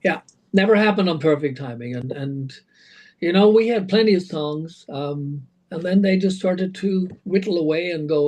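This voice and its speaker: A man, a rock singer being interviewed, telling animated anecdotes full of fillers and restarts. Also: on the high side, measured pace, low-quality recording. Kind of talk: casual interview storytelling.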